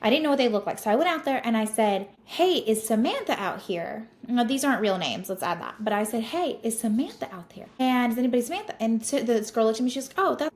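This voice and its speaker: A woman, a podcast host telling a client story in a casual, animated, exasperated way with lots of "like". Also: a little high.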